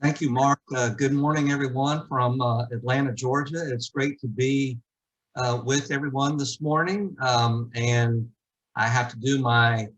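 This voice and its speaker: Southern guy in his 60s doing a keynote on a video call, steady pace, lots of uhs. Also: medium pitch, dull audio. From Southern United States. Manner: measured, with frequent uh fillers. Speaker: keynote speaker. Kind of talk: virtual keynote speech.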